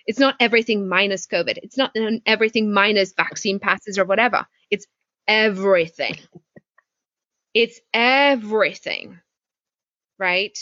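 A woman business coach telling a story on a video call, lively, with many rhetorical questions. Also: mid-range voice, normal speed, no room sound. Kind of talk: casual talk on a video call. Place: home porch. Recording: dull, muffled video-call audio.

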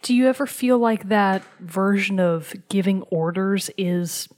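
A woman co-hosts a casual chat and asks measured follow-up questions. She sounds attentive and curious. Her voice sits at an ordinary middle pitch. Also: steady tone, a little mellow. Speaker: co-host asking questions.

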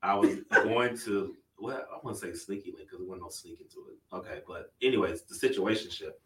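A man's voice: sits low, a little fast, fairly bright tone, distant mic. A man co-hosting a podcast, telling a story in a laid-back, hesitant way with many fillers. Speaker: podcast co-host. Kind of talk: casual storytelling chat. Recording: roomy sound from off the mic.

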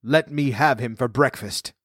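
A man's voice: unhurried, fairly bright tone, slightly rough, dry recording, studio quality. Man doing a thundering man-eating giant. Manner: booming and demanding. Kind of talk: storybook reading.

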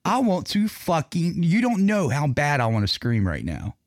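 A man's voice: fairly high pitch, wildly swooping pitch, moderate pace, dry recording, clean studio sound. A man hosting a live online radio show, ranting and swearing angrily about his computer trouble. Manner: profane, angry ranting. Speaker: host.

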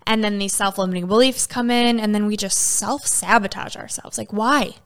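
A woman interviewer with a smooth, clear voice asks a question casually. Her tone is curious and relaxed. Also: medium pitch, moderate pace.

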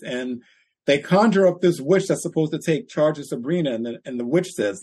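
A man's voice: a little high, fairly quick, husky. A man co-hosting a podcast, telling stories in casual chat and acting out quotes with a laugh. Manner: animated storytelling, acts out quotes with laughs. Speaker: podcast co-host.

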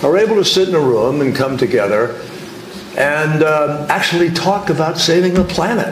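A man speaking on a forum panel, measured and deliberate with emphatic repetition. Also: on the high side, a little hiss or hum. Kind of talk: public speech on a panel. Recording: roomy conference hall recording.

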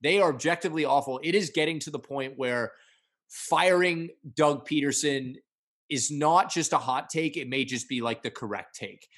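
A man's voice: fairly high pitch, normal speed, a bit bright. A man co-hosting a sports podcast, giving blunt, opinionated takes in casual chat. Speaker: podcast co-host.

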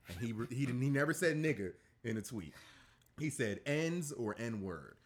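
A man's voice: medium pitch, very animated, normal speed. A man hosting a casual sports podcast, rambling with fillers and swearing freely.

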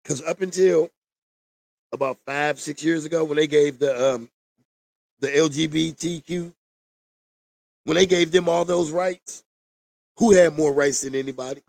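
Man ranting to camera, profane and preachy, high gravelly voice, dry sound. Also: unhurried, long pauses, a little mellow, no room sound. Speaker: vlogger. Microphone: camera mic.

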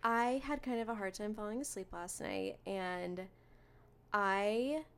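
A young woman co-hosting a podcast, chatting casually and telling a story with animated energy. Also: medium pitch, unhurried, clear, resonant tone. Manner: animated storyteller, acts out her own screams. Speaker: podcast co-host. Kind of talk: casual chat.

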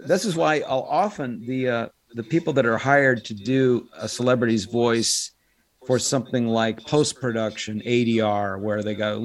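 Animated storytelling middle-aged man. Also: mid-range voice, normal speed. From United States. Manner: animated storyteller, drops into quoted voices. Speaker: guest, voice actor and impressionist. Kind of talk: casual interview chat.

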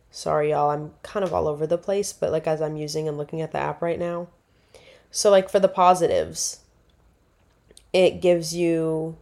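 Chatty woman with a mellow voice. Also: on the low side, vocal fry. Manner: rambling, chatty, self-correcting. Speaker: podcast host. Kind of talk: casual solo podcast talk.

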